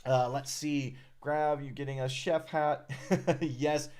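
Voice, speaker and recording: A man's voice: a little high, slow pace, clean tone. Guy hosting a livestream, easygoing, lots of uhs, reading comments. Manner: relaxed, friendly, many "uh"s, reads viewer comments aloud. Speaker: live stream host, designer of a character art project. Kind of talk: casual live stream chat reading comments.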